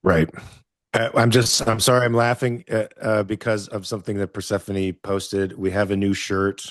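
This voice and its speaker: A low-voiced man hosts a casual conversation, recorded dry and close. He talks in a relaxed, reflective way, pausing and filling gaps as he thinks. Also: dry recording. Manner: relaxed, reflective, hesitant with fillers. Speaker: host. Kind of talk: casual chat.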